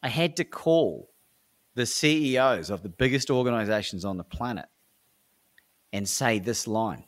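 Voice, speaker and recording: An Australian speaker and coach tells stories in a podcast interview, his mid-range voice lively in intonation but measured in pace, with frequent pauses. He's enthusiastic and motivational, sprinkling in fillers like "right?".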